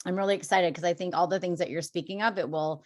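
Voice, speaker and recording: A woman from Minnesota with a somewhat low voice. She hosts a relaxed podcast conversation, chatty and upbeat, moving easily from one question to the next. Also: fast talker. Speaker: podcast host.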